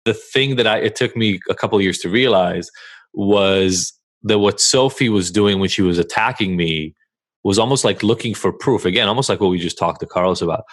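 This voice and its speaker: A man co-hosting a podcast, speaking frankly and reflectively in a measured way with listeners. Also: on the low side. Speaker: podcast co-host. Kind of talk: candid conversation with listeners.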